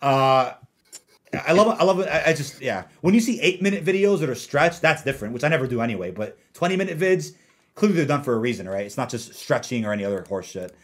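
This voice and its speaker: Young male gaming streamer, casual, ranty, mid-pitched voice. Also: expressive, quick pace. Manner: laid-back, ranting, laughs often. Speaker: gaming YouTuber reading viewer comments. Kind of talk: casual livestream chat.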